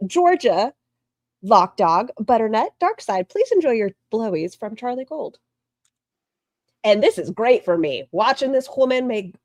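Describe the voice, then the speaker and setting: Blunt, mocking woman streamer with lively pitch. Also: dry recording, clean studio sound. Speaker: streamer reacting to another stream. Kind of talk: casual commentary.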